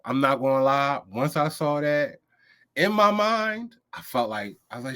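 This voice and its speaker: Young male podcast co-host, casual and slangy, mid-pitched voice, quick to laugh. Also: sing-song. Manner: laid-back, slangy, laughs often. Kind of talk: casual chat reviewing a cooking show.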